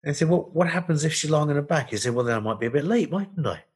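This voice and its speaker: A man hosting a podcast, jokey and quick to laugh. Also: fairly high pitch, slightly rough. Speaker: podcast host. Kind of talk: casual podcast chat.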